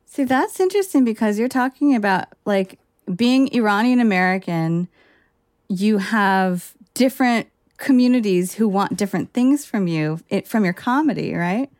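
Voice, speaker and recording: Woman, podcast host, measured questions, dry recording. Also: mid-range voice, animated, a little mellow, no echo. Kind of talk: interview questions.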